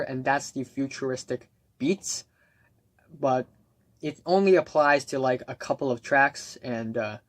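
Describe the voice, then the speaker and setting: A man's voice: on the high side, no room sound. Blunt, scornful young man reviewing albums. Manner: blunt and scornful, many ums and uhs. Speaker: music reviewer. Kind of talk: ranked album review monologue.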